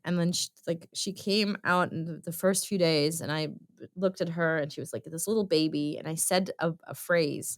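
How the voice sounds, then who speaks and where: Female interview guest with a slightly low voice. Chatty storyteller who acts out quotes. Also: fairly even intonation, moderate pace. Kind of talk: conversational interview.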